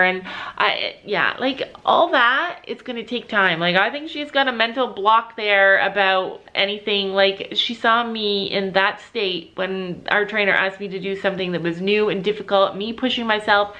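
A woman's voice: medium pitch, moderate pace, bright, forceful tone, lo-fi sound. A middle-aged woman vlogging casually, chatting straight to her viewers in a talkative way. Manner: chatty, often addresses viewers directly. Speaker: family vlogger. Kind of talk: casual vlog talk to camera.

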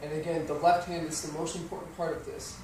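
A man teaching a piano lesson, explaining rhythm calmly and counting beats aloud. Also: on the high side, fast. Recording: very echoey room, slightly distant mic, piano playing.

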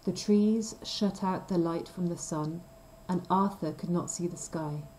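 A woman reading a simple story aloud for language learners, slow and clear. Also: fairly low pitch, darkish tone, slight background noise, poor audio. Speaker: reader of a graded story. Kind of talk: scripted storybook narration for learners.

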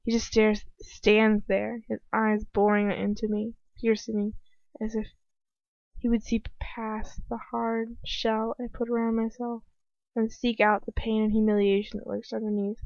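A woman's voice: a little high, monotone, measured pace, vocal fry, darkish tone, dry recording, lo-fi sound. A woman reading a first-person story aloud casually, sometimes stopping to comment on the text. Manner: casual, breaks off to comment and laugh. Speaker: fanfiction reader.

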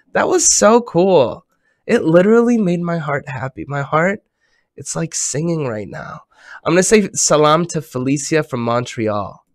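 A man hosting a children's program over a video call, talking animatedly and swinging between hushed and excited tones. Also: fairly high pitch, dry recording, studio quality.

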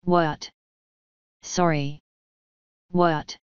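A woman's voice: sits low, level tone, drawn-out words, clean tone, no room sound, dull audio. A woman reading Rincewind, a jittery cowardly wizard. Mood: flustered. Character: nervous cowardly male wizard, adult.

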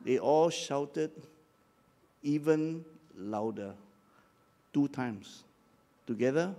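Speaking very slowly with long pauses, an older pastor uses a mid-range voice with lively intonation. His sermon is dramatic, and he draws the crowd into shouted call-and-response.

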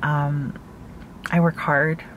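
Chatty woman vlogger, low-ish voice, phone-recorded in a parked car, faint background noise. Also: flat delivery, drawn-out words. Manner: chatty, laughs at own jokes, full of "like". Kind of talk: casual mukbang chat.

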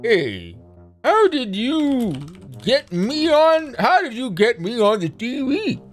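A bumbling cartoon dad yelps in high, strained bursts, as a man puts him on. The voice jumps well above its speaker's own register and sounds a little off-mic. Flustered, loud and whiny. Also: huge pitch swings, slow pace, faint music behind, exaggerated voice. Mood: panicked.

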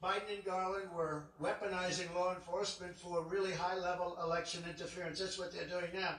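Rally speaker, man, fairly high voice, repetitive and emphatic, heard from a distance in a big arena. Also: level tone, brisk, a bit bright. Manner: repetitive, emphatic, rambling asides. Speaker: political candidate. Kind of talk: campaign rally speech. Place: large indoor arena. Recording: echoey arena, distant mic.

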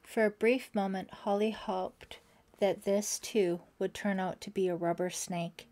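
A woman's voice: medium pitch, steady tone, unhurried, dark tone. A woman reading an audiobook aloud, voicing the characters and dropping to a whisper in tense passages. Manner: voices characters, drops to a whisper for tense moments. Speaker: audiobook narrator. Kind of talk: scripted narration.

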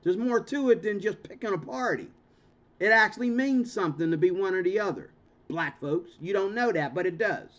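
Vlog host, male, high-pitched, confrontational and emphatic; muffled lo-fi recording. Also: brisk, a bit bright. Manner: emphatic, repetitive, stammering restarts; confrontational, ranting. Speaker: channel host. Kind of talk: monologue commentary vlog. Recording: dull lo-fi recording.

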